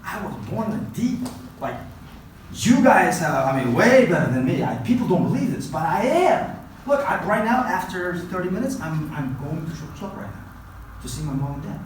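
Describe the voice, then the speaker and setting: A man from Uzbekistan whose first language is Uzbek, giving an animated motivational talk to students that is full of repetitions and questions like "right?". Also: a little high, moderate pace. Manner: animated, repeats himself, keeps asking "right?". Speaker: guest presenter at a language academy. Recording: heavy echo, far from mic, faint noise.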